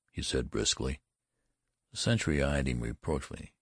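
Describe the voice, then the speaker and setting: A man narrates an audiobook in a slow, deliberate storytelling manner. His voice sits extremely low and carries a gravelly, husky texture, with a lively rise and fall. The recording is close and dry. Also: no echo.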